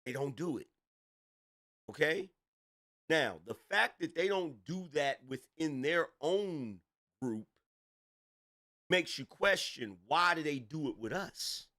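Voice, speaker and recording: Emphatic man lecturing, a bit high. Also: animated, slow, pauses often, pushed and bright. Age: middle-aged. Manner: emphatic, repetitive, lecturing with rhetorical questions. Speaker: commentator. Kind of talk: opinion commentary monologue.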